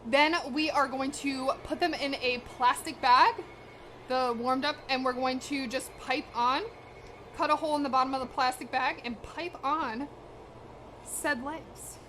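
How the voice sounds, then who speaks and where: Her high-pitched voice keeps a steady tone at a measured pace, a bit bright, with slight background noise. She's a young woman cooking on a live stream in her home kitchen, casually chatting with viewers in slang, speaking straight to her chat and slightly out of breath.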